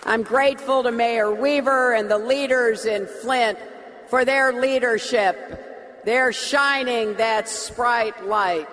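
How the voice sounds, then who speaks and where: A woman politician giving a campaign speech, slow, emphatic and repetitive. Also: on the high side, fairly bright tone. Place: large hall. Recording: reverberant hall.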